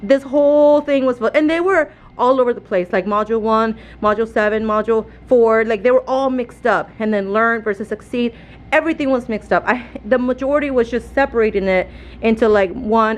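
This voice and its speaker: A woman, a fourth-grade teacher, vlogging from her classroom with a phone, animated and laughing often, audibly stressed and frustrated. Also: a little high, fairly quick, rough recording. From Texas. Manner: animated, laughs often, keeps addressing viewers as y'all. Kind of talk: casual classroom vlog. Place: indoor school classroom.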